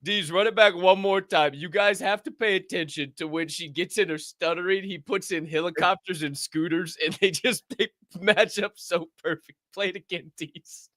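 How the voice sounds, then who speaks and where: A man's voice: sits high, steady tone, moderate pace, hardly any pauses, bright, forceful tone, no room sound, studio quality. A man co-hosting a podcast, reacting to clips in a playful way and laughing often. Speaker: podcast co-host. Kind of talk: casual reaction chat.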